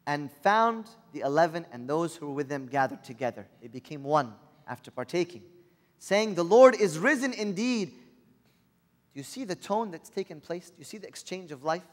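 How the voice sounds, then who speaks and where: A man's voice: a little high, big pitch swings, normal speed. A man preaching a sermon, earnestly putting rhetorical questions to his listeners. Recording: long reverb of a large hall.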